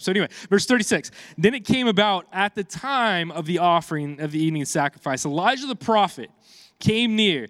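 A man's voice: high voice, big pitch swings, a little fast, fairly bright tone, dry recording. A man in his thirties preaching a casual sermon, reading scripture aloud and breaking off for conversational asides to the congregation. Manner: conversational, chatty asides to the congregation, frequent restarts and fillers. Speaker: pastor.

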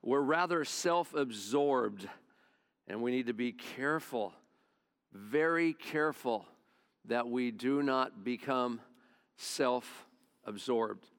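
A man's voice: mid-range voice, slow pace, fairly bright tone. A male pastor preaching a sermon, retelling a Bible story in a folksy, conversational way.

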